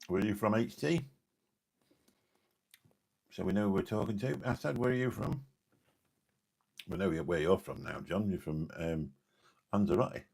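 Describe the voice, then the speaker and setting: A man's voice: low-pitched, moderate pace, creaky, long pauses, darkish tone. A man from Lincolnshire, chatting casually and jokily on a late-night live stream, rambling between viewers' comments. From Lincolnshire, England. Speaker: live streamer reading chat.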